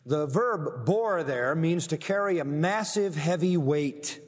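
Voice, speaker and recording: In a church sanctuary, a pastor delivers an expressive sermon, building his argument point by point. His somewhat high voice fades into long hall reverb, and he slows nearly to a crawl on the phrases he wants to press home.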